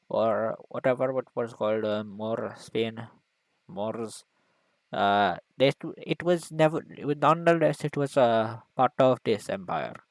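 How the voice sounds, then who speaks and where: A man's voice: mid-range voice, dry recording, low-quality recording. Man rambling through a mock lecture. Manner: rambling, hesitant, full of fillers. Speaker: video maker.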